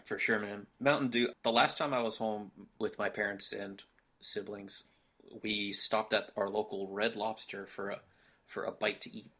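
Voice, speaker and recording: A man's voice: lowish voice, fairly even intonation, moderate pace, bright, forceful tone. Laid-back young man hosting a chat. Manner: laid-back, laughs often, joking. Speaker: podcast host. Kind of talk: casual chat.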